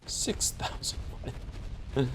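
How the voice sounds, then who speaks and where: A man speaks slowly over a noisy background with music playing behind him. As a gameplay video creator, he gives casual, chatty commentary while playing a survival game, talking to himself along the way.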